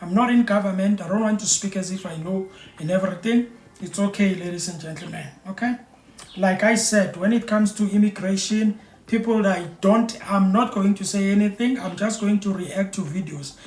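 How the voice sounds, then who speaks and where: A man's voice: high voice, normal speed, a little mellow. A South African man giving opinionated commentary as a vlogger, emphatic and repeating phrases for emphasis. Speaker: vlogger reacting to news. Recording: roomy echo.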